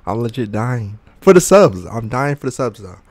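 A man's voice: medium pitch, sing-song, a little slow, darkish tone, no echo. A young man gaming and chatting casually, out of breath and burning from hot wings, groaning and joking between exclamations. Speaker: gaming YouTuber.

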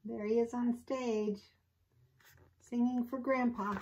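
A woman's voice: on the high side, fairly even intonation, slow, pauses often, a little mellow, slight background noise, low-quality recording. A woman, a teacher, reading a picture book aloud to children and chatting with them about the pictures. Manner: chatty asides to young listeners.

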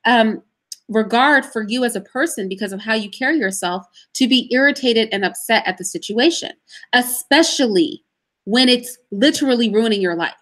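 Emphatic woman, fairly high voice. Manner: emphatic, animated storytelling with pauses. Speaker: interview guest. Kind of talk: livestream interview answers.

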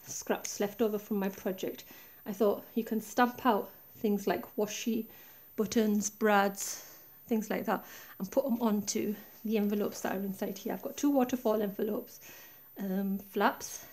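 Relaxed and chatty, a woman guides viewers step by step through the pockets and flaps of her craft project, captured by a tablet mounted above her desk. Her medium-pitched voice is soft and mellow, a little slow yet with hardly any pauses, more conversational than polished.

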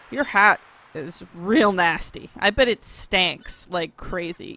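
A woman's voice: mid-range voice, lively intonation, slow pace, bright, forceful tone, slight background noise. A woman commenting while playing a farming game, joking and swearing freely. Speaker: gamer. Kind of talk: let's play commentary.

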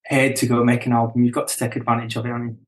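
A middle-aged man and band member chatting casually as a guest, relaxed and chuckling, often restarting his sentences. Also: medium pitch, rapid-fire, echoey room. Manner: relaxed, chuckling, self-correcting. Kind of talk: casual chat.

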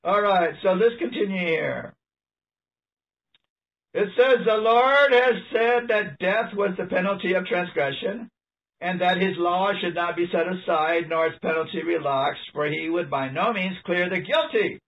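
A man preaching an animated, emphatic sermon, reading passages aloud and laughing often. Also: high voice, measured pace. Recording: distant mic, dull lo-fi sound.

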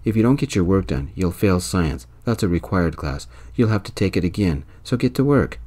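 A man playing a responsible young older brother in a soft-spoken whispered role-play, firm and earnest. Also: low voice, expressive, moderate pace.

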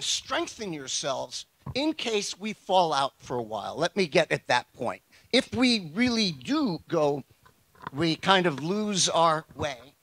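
An older American man, a retired army general on a panel, speaking bluntly and emotionally with halting restarts and fillers. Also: fairly high pitch, a bit bright, no echo, poor audio. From United States. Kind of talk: panel discussion.

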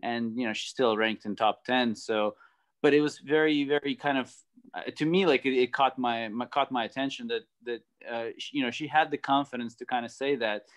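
A man's voice: mid-range voice, steady tone, brisk. A male guest and former tennis player talking thoughtfully in a casual chat, with frequent hesitations. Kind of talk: casual video conversation.

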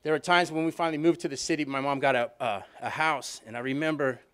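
A man's voice: a little high, steady tone, fast talker, fairly bright tone, smooth. A middle-aged man giving a rambling, self-deprecating recovery talk, peppered with "you know what I mean.". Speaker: alumni reunion speaker.

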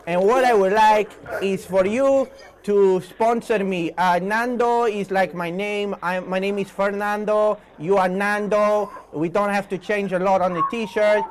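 A struggling footballer with a put-on Spanish accent, as a man plays him makes a prank call. He speaks broken English in short, halting bits at a high pitch. Faint noise sits under the voice. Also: natural voice. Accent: fake Spanish. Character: adult male footballer prank-calling a restaurant.

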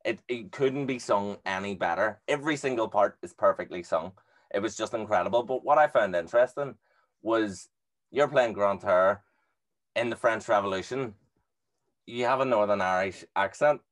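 A man hosting a podcast, asking questions in a relaxed, eager way like a fan. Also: on the low side, normal speed. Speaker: podcast host. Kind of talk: casual interview chat.

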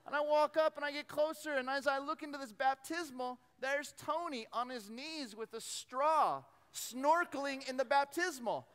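A man preaching a storytelling sermon, animated, acting out voices and often repeating words as he goes. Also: very high voice, moderate pace, hardly any pauses. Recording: long hall reverb.

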